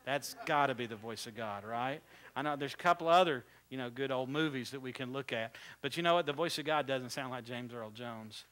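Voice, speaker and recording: A man preaching a sermon as pastor, animated and swinging from loud bursts to quiet asides, often asking the congregation questions. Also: mid-range voice, fairly quick. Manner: conversational, asks the congregation questions. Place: church.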